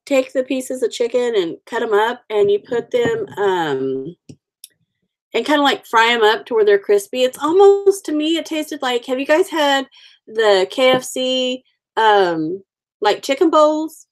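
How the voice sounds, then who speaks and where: A woman's voice: a little high, lively intonation, unhurried. Chatty woman hosting a livestream. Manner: chatty, warm-hearted, rambling with fillers. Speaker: livestream host. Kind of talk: casual live chat with viewers.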